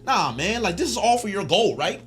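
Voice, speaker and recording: Brash young swordsman guy, slangy and dismissive, voice pushed way up high, a dude putting it on. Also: very animated, brisk. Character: brash young male mercenary, offhand and blunt.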